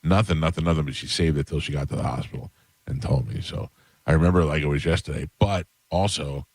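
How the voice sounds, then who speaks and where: A man's voice: extremely low pitch, fast, a little mellow, breathy edge, dry recording. A man in his forties, a radio host, telling stories about his family and acting out what everyone said. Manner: storytelling, acts out family dialogue. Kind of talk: morning radio chat. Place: dry radio studio.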